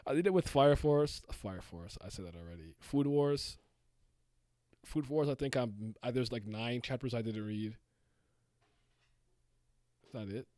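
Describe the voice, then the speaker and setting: A man's voice: mid-range voice, unhurried, pauses often, darkish tone, dry recording, studio quality. Young man rambling in casual chat. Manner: rambling, many restarts and "like". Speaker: podcast host. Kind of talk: casual chat about manga.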